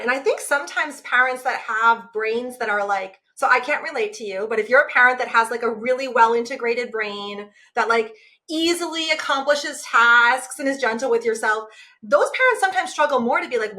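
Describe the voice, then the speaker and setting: A woman in her forties talking casually about parenting as a guest, animated and acting out the voices she uses. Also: a little high, brisk. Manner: animated, acts out her own inner voice. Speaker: guest, self-compassion teacher. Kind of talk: casual podcast conversation.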